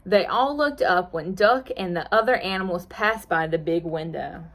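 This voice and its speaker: A woman librarian reading a picture book aloud at storytime, expressive, with playful asides to the children listening. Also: lowish voice, moderate pace.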